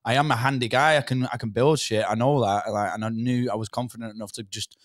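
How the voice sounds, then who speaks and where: A man's voice: mid-range voice, fairly even intonation, quick pace, dry recording, clean studio sound. An English man, a podcast guest, talking in blunt, casual, sweary chat about himself. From England. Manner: blunt and sweary, says "do you know what I mean" a lot.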